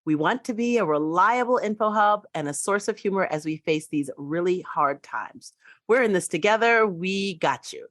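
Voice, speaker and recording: A woman co-host reading a podcast outro in an earnest, steady way. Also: fairly low pitch, moderate pace, no echo, clean studio sound. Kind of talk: scripted outro read.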